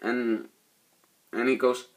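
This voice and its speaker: A man's voice: mid-range voice, flat delivery, slow pace. A man giving a rambling, profane, laid-back spoken movie review. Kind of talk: casual spoken film review.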